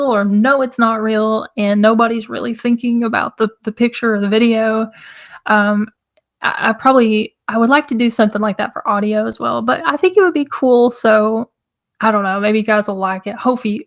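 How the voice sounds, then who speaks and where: A young woman hosting a casual live stream, her throat hoarse and scratchy, chatting loosely and greeting viewers in the chat. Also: medium pitch. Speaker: livestream host.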